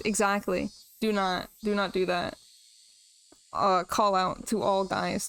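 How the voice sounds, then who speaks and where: A woman's voice: medium pitch, fairly bright tone, clean tone. A young woman streamer chatting casually and emotionally while reading a visual novel aloud, rambling with lots of "like".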